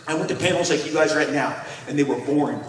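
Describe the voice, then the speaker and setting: A man in his fifties, a comic creator speaking on a convention panel, telling animated stories and acting out voices. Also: on the high side, fast talker. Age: 50s. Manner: animated storyteller who acts out voices. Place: large convention hall. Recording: echoey hall, speaker far from mic.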